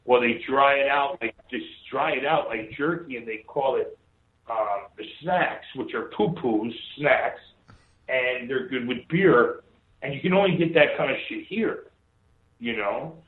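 A man's voice: medium pitch, measured pace. A man from Hawaii, a former wrestler, telling stories in a rambling, casual way and swearing freely. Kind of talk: casual storytelling. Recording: echoey, tinny phone-like sound.

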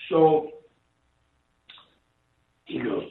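A man's voice: medium pitch, moderate pace, slight background noise. A man from Hawaii, a former wrestler, telling stories in a rambling, casual way and swearing freely. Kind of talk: casual storytelling. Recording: echoey, tinny phone-like sound.

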